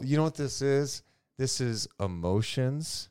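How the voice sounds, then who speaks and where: A young man co-hosts a casual late-night podcast, teasing his co-host one moment and comforting her the next. He talks quickly and reads sponsor plugs. His voice swings widely in pitch. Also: animated, a little mellow, smooth.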